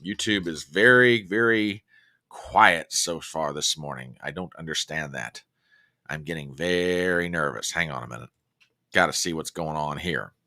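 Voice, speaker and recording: A man's voice: extremely low pitch, unhurried, sharp tone. A man hosting a casual live stream, chatting and joking and greeting viewers by name. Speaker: livestream host.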